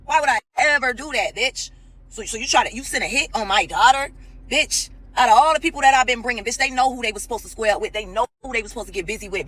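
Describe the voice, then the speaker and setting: A woman with a fairly high voice and a forceful, tense edge tears into someone in a heated rant to the camera. She is profane and confrontational. She makes her points again and again. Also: low-quality recording. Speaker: reality TV personality. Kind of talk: angry direct-to-camera rant.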